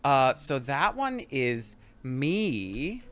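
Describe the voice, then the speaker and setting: A man's voice: mid-range voice, very animated, drawn-out words, a bit bright. A man streaming a game, reading on-screen lesson text aloud and breaking off for joking asides to his chat.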